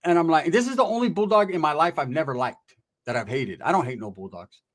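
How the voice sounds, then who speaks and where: A man's voice: on the high side, expressive, quick pace. A man casually telling prison stories in profane, streetwise slang, acting out the voices of people he quotes. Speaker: guest recounting prison stories. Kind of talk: casual storytelling.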